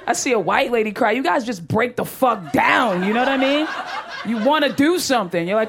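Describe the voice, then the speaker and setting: A woman's voice: high-pitched, animated, moderate pace, a crowd in the background. A woman doing a brash, profane stand-up comedy set on stage, talking animatedly and laughing often. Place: comedy stage before an audience.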